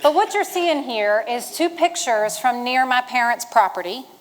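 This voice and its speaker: A middle-aged woman from the Shenandoah Valley in western Virginia tells stories from the stage in a somewhat high, expressive voice at normal speed. Folksy and humorous, she rallies her audience like a retired Marine addressing fellow veterans. The recording is low quality, with a little hiss or hum.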